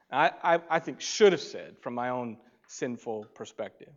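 A man preaching a sermon, swinging between loud emphasis and soft, quiet asides. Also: medium pitch, animated, moderate pace, hardly any pauses, highs cut off. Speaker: pastor.

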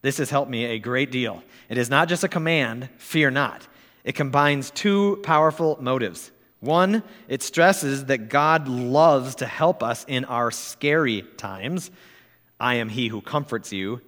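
A man delivers a sermon at an unhurried, deliberate pace. His tone is earnest and measured. His voice carries a long reverb, as if he is speaking in a large church hall. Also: mid-range voice, a bit bright. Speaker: preacher. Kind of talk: sermon, reading a quote aloud.

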